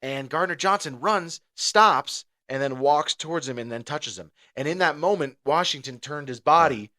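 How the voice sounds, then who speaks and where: Male podcast co-host, casual sports chat, animated, gets loud when riled. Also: on the high side, moderate pace.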